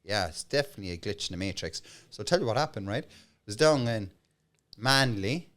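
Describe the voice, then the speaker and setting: A man's voice: lowish voice, a little fast. A man with a Cork Irish accent, a comedian guest telling a rambling story in casual chat. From Ireland. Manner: rambling, animated, keeps asking "right?".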